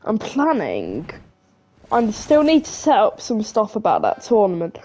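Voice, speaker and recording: Excitable woman streaming games. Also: mid-range voice, unhurried, slight background noise. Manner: excitable, chatty, greets viewers by name. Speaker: game streamer. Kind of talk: live gameplay commentary. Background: background music.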